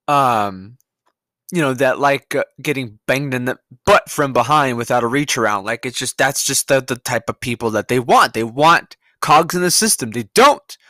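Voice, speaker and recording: A man's voice: fairly high pitch, pushed and bright, dry recording. A man hosting a podcast, ranting profanely in a rambling solo monologue that keeps digressing. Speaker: podcast host. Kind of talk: solo political rant monologue.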